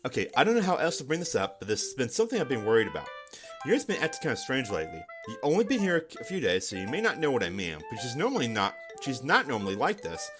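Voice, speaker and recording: A man's voice: mid-range voice, huge pitch swings, fast talker. A man reading a note from a small, blunt, feisty teenage girl who speaks pushily, with faint game music behind. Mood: worried. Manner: pushy, then earnest.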